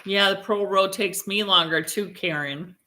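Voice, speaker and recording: A woman co-hosting a knitting podcast in casual chat, teasing and chiming in with quick agreement. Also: medium pitch, sharp tone. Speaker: podcast co-host.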